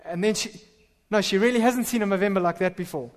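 A man preaching a sermon as pastor, animated and full of stammered restarts. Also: high voice, quick pace. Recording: reverberant hall.

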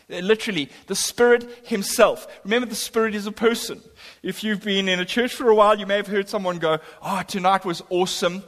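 A man preaching a sermon, telling a personal story with emphatic swings between loud and hushed delivery. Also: high-pitched. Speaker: pastor. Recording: long hall reverb.

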